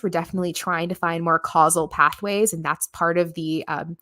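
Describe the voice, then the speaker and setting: A woman's voice: lowish voice, fairly even intonation, brisk, few pauses, bright, forceful tone, dry recording, clean studio sound. A woman hosting a livestream, talking in a casual, earnest way with many fillers as she answers viewers. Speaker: livestream host.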